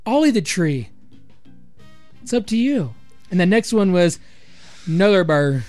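A man's voice: high voice, big pitch swings, measured pace, pauses often, darkish tone, faint music behind. A man co-hosting a podcast in casual, joking, rambling chat. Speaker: podcast co-host.

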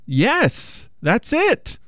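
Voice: mid-range voice, huge pitch swings, drawn-out words, a bit bright, no room sound, studio quality, voice pushed up, exaggerated voice. A storyteller voicing a whiny, flustered young prince who stammers politely. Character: anxious, whiny Frog Prince, young man.

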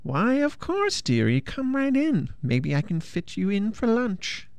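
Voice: medium pitch, huge pitch swings, unhurried, dry recording, voice pushed up. A storyteller voicing a sly, hungry witch who speaks in a sugary tone. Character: sly gingerbread-house witch, hungry, female.

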